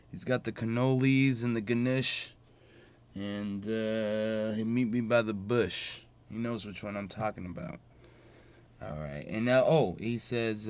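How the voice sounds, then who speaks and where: Young male podcaster, low-pitched, brash, profane street talk, casual solo rant. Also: clear, resonant tone. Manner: profane, boastful street slang. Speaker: podcast host.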